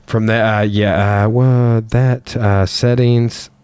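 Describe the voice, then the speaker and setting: Deep-voiced rambling man. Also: fairly even intonation, slow pace, darkish tone, smooth, dry recording. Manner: rambling, loose and profane. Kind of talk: casual chat.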